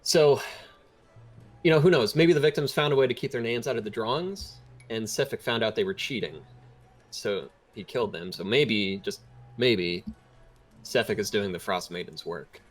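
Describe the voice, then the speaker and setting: A man as dungeon master, narrating and speaking for characters in a measured, expository way. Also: fairly low pitch, expressive, faint music behind. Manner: expository, measured, with many fillers. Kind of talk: narrating a tabletop game in character.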